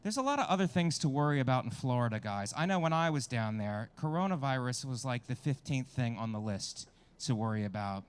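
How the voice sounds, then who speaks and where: A man's voice: mid-range voice, expressive, fairly quick, hardly any pauses, clean tone. A man performing a stand-up comedy set with crude, self-mocking crowd work, at a small outdoor show.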